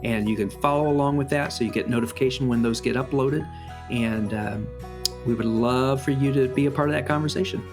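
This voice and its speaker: A man co-hosting a casual podcast tells stories with animated energy and restarts lines as he goes. His voice sits at an ordinary middle pitch, with faint music playing behind him. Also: fairly quick. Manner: animated storyteller with frequent fillers and restarts. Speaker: podcast co-host. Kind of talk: casual chat and storytelling.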